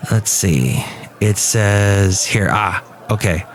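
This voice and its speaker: A man's voice: lowish voice, animated, takes it slowly. A middle-aged man from the United States hosting a podcast, telling a personal story in a rambling, casual way with restarts. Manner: rambling anecdotal delivery with restarts and acted quotes. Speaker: podcast host.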